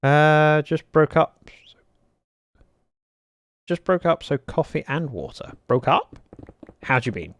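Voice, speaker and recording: A young male streamer talks to his viewers while he plays, joking and reading out their messages. His voice sits a little high. His pitch swings widely as he chats. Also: very animated, slow pace, long pauses. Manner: chatty, joking, reads out chat messages. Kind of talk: casual livestream chat while playing.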